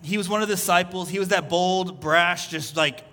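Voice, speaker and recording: Man, pastor, relaxed conversational sermon, chatty, bright tone, higher voice. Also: moderate pace, slight background noise. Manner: loose, chatty storytelling full of "like".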